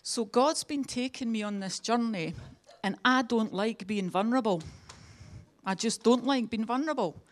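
A woman's voice: a little high, normal speed. Chatty Scottish woman giving testimony. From Scotland. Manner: humorous, chatty, self-mocking. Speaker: church member giving testimony. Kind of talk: personal testimony at a church meeting.

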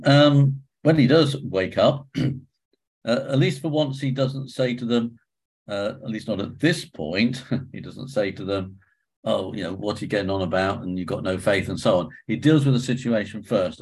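A man with a somewhat low voice leads a small Bible study group. He talks in a hesitant, searching way, full of ums and restarts as he draws answers from the group. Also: moderate pace, darkish tone, slightly rough. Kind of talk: leading a group discussion.

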